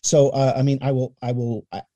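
A middle-aged man from Canada spins anecdotes about his career in a relaxed, easygoing interview. His voice is very mellow and dark-toned, and he livens up his stories by acting out the people he quotes. The recording is dry and close, with no room sound. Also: medium pitch, fairly quick, dry recording. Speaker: guest, newspaper columnist and radio voice. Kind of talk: casual interview storytelling.

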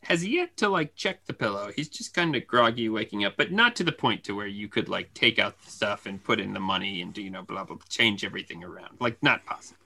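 Male co-host, bright and tense in tone, lively anecdote delivery with laughter and quick voice impressions. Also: fairly low pitch, vocal fry. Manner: animated storyteller who laughs and acts out family voices. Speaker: podcast co-host. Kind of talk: casual chat.

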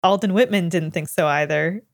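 A woman's voice: fairly low pitch, moderate pace, dry recording, studio quality. A woman co-hosting a podcast in casual chat, thoughtful and wry. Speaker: podcast co-host.

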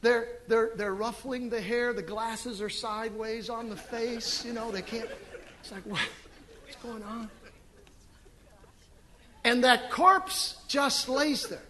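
A middle-aged man preaching a sermon as pastor, animated and emphatic, with sudden loud swells. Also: very high-pitched, unhurried, big-room sound. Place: church sanctuary.

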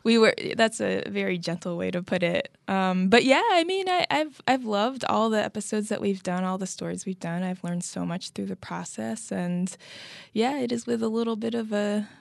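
A woman co-hosting a podcast in relaxed, chatty conversation, laughing often. Her voice carries a gravelly fry, recorded close and dry with no room sound. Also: mid-range voice, moderate pace, no echo. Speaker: podcast co-host. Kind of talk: casual podcast chat.

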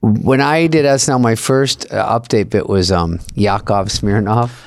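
A man's voice: fairly low pitch, unhurried, gravelly, no room sound. A middle-aged man co-hosting a comedy podcast, telling stories in a dry, self-mocking way. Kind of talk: casual comedic chat.

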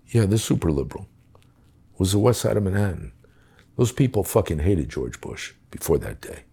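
A man's voice: low-pitched, very animated, moderate pace, creaky, dark tone, breathy edge. A middle-aged man telling a story in conversation, blunt, emphatic and full of swearing. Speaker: guest recounting his time as a police official.

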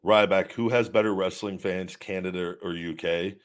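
A man with a somewhat low voice hosts a casual live stream. He reads viewer questions aloud and answers them in a candid, rambling way. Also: steady tone, normal speed. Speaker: host of a live show answering viewer chat.

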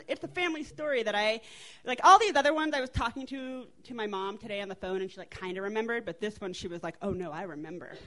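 A woman in her twenties with an American accent, telling a funny family story on stage in a chatty, animated way, laughing and swearing as she goes. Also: medium pitch. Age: 20s.

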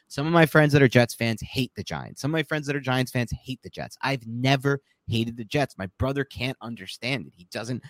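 Lively chatty man, dry close sound. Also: medium pitch, no room sound. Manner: animated, chatty and opinionated, quick asides. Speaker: podcast co-host breaking down football film. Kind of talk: casual sports podcast chat.

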